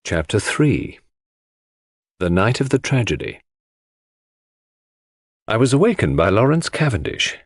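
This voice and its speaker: A man reading a classic mystery aloud in measured, expressive narration. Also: on the low side, no room sound, studio quality. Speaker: audiobook narrator.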